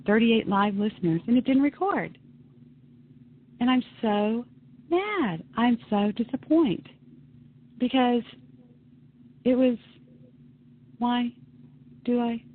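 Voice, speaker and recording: A woman's voice: medium pitch, a little hiss or hum. Woman ranting over a tinny line. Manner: emphatic, ranting, self-dramatizing. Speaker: talk radio host. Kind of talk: casual monologue on internet radio. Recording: tinny phone-line radio broadcast.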